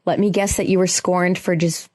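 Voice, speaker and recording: A young woman hosting a solo podcast, talking in a casual, earnest and emotional way, often restarting her sentences, in a quiet room. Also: lowish voice, little pitch movement, normal speed. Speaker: podcast host.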